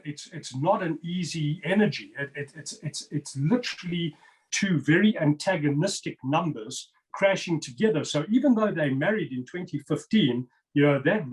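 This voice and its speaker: A man's voice: fairly high pitch, rough recording. Emphatic man explaining number patterns. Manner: emphatic and insistent, repeats words for stress. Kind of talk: interview, explaining over slides.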